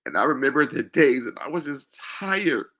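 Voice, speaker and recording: Man, show host, confessional monologue, halting and emotional, tense forceful tone. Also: medium pitch, big pitch swings. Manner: emotional, halting, with many fillers.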